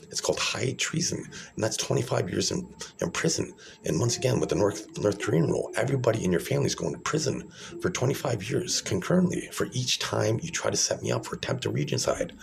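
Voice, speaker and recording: A man's voice: fairly low pitch, sing-song, fairly quick, gravelly, background noise. A man talking straight to camera in a rambling monologue, boastful, profane and combative, often restarting his phrases. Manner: repeats himself, restarts phrases. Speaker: video creator.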